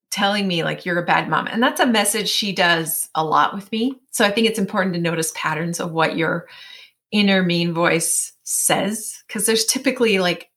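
Here is a bright, clear-toned woman in her forties who speaks at a middle pitch, chatting as an interview guest. Her talk runs loose and casual, with lots of "like" and "um". She keeps slipping into lively quotes of her own inner voice. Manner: chatty, many fillers, animated self-quoting. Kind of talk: personal storytelling in an interview.

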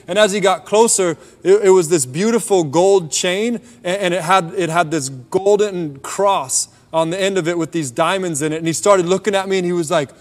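Male preacher, fairly high voice, relaxed story-driven testimony, long reverb tail from a hall. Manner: relaxed storytelling, drops softer on key points. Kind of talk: conversational sermon testimony.

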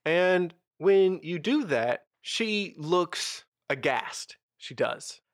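A man narrating a tabletop role-playing game as game master, with measured, descriptive storytelling. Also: sits high, expressive, dry recording, clean studio sound.

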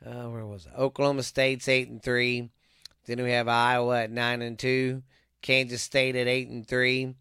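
A man hosts a casual sports show, reeling off records and picks in a loose, profane ramble. His voice is bright and forward with a smooth, clean tone. The sound is close and dry, with no room around it. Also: medium pitch, no room sound. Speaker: podcast host.

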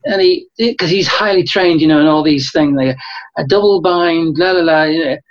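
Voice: mid-range voice, normal speed, highs cut off. A guest speaker with a Liverpool accent, working as a motivational coach, talking in a rambling way with lots of restarts. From Liverpool, England. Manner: rambling, restarts phrases, animated storytelling. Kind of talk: casual interview chat.

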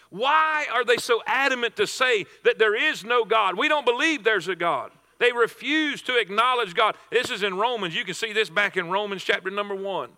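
High-voiced man preaching in a hall. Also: sharp tone. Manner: emphatic preaching with repeated phrases and restarts. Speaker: pastor. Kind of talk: sermon.

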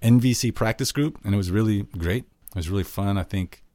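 A man with a fairly low voice talks through tips on his own podcast. He is earnest and conversational and acts out example questions as he goes. The sound is dry and close, with little room in it. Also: brisk, a little mellow, dry recording. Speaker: podcast host. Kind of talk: solo podcast teaching.

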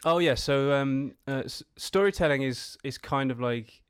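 A man's voice: medium pitch, clear, resonant tone. Chatty man with a Black Country accent. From Black Country, England. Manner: halting, many restarts and fillers, laughs easily. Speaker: comedian and storyteller guest. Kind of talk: casual podcast chat.

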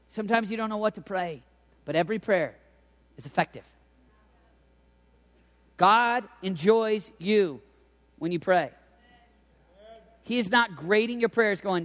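A man in his thirties preaching a sermon, swinging between hushed near-whispers and loud shouted cries. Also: extremely high pitch, normal speed, long pauses. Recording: long hall reverb.

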